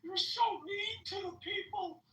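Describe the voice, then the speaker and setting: A man's voice: unhurried, bright, forceful tone, recorded from a distance, a little hiss or hum, full character voice. A man putting on a whiny, mocking voice of a political opponent, in an echoey room away from the mic. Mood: mocking whine. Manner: high nasal whine, mocking.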